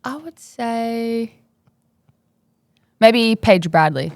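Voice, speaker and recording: A woman's voice: fairly high pitch, expressive, very slow, no echo. A young woman, chatting casually and upbeat as a guest, laughing easily. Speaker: basketball player, podcast guest. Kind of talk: casual interview chat.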